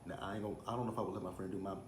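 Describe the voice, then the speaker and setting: A chatty Texan man in his thirties recaps a reality show in an easygoing, animated way and slips into little voices for quotes. His voice sits on the lower side. The room is echoey, with a soft ambient hiss behind him. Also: racing. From Texas. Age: 30s. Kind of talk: casual recap commentary. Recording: roomy echo, faint ambience.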